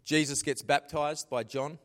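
A man preaching a sermon, swinging between loud emphasis and hushed asides. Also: on the high side, fairly even intonation, a little slow. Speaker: pastor.

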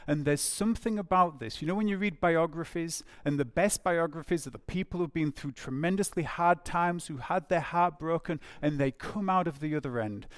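A man preaching a sermon in an earnest tone, voice sitting fairly high. He repeats key phrases to drive them home. The sound is close and dry, with no room echo. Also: moderate pace, hardly any pauses.

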